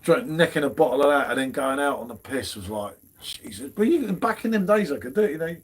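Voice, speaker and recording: A man's voice: fairly high pitch, expressive, fast, breathy edge. A middle-aged man, hosting a casual beer livestream and chatting in a matey, banter-filled way. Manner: chatty, matey banter, drops "mate" often. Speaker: beer channel host.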